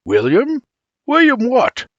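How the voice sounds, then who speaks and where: A man voicing a gruff woodsman, grumbling, conspiratorial, higher pitch. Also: wildly swooping pitch, slow, dry recording, dull audio, heavily acted. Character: gruff wary bearded Irish frontiersman, middle-aged man.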